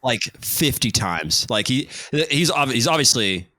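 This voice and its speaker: A man's voice: medium pitch, sing-song, measured pace, bright, forceful tone, no room sound. A man hosting a podcast, telling a rambling story in casual chat and laughing often. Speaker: podcast host.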